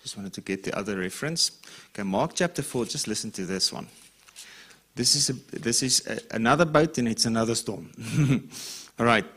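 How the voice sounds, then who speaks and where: A man's voice: medium pitch, animated, moderate pace, a bit bright, husky. A man preaching a sermon in a conversational way, reading scripture aloud and often checking in with the listeners. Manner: reads scripture with rising emphasis. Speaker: pastor.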